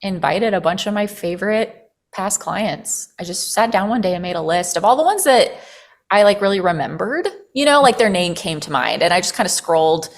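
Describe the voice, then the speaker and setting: A woman guest on a podcast, telling a personal story in casual conversation. She is animated, leans on "like" as filler, and swears freely. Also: medium pitch, moderate pace.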